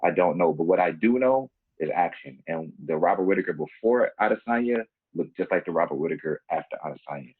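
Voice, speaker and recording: A man's voice: low-pitched, animated, a little fast, few pauses, husky, no room sound. A man, a fighter guest on a podcast, talking earnestly from his own experience in casual chat. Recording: tinny phone-like line.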